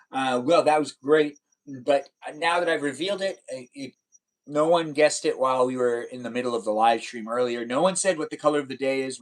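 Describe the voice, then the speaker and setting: A young man hosting a livestream, chatting casually and playfully teasing viewers as he reads their comments aloud. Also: medium pitch. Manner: rambling, playful teasing, talks straight to chat viewers. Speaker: livestream host.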